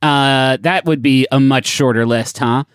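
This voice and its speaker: A man's voice: medium pitch, steady tone, measured pace, clean tone, no echo, clean studio sound. A man co-hosting a comedy podcast, reading web articles aloud and riffing on them with crude jokes. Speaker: podcast co-host.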